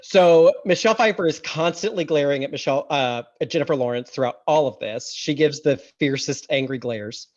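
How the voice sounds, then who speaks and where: A woman co-hosting a podcast, recapping a film in casual chat, animated and laughing often, swearing in outrage. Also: low-pitched, fairly quick, few pauses. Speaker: podcast co-host. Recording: slightly dull lo-fi audio.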